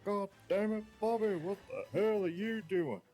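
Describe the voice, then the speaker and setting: A man's voice: high voice, animated, a little slow, warm tone, faint music behind, pitched above the performer's own voice. A man doing an impression of an exasperated middle-aged cartoon dad, scolding his son.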